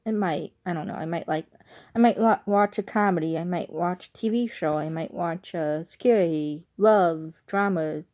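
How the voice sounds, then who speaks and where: A woman's voice: fairly low pitch, normal speed, darkish tone. A woman from Chicago with a speech impairment, chatting casually in a rambling, unsure way on her vlog. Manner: rambling, digressive, often unsure. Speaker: vlogger.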